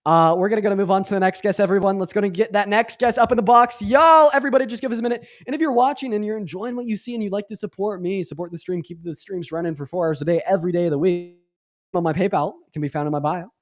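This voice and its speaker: Young male stream host, quick sarcastic rambler, dry close sound. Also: sits high, steady tone, no room sound. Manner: rambling, filler-heavy, sarcastic. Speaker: livestream debate host. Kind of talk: casual livestream chat.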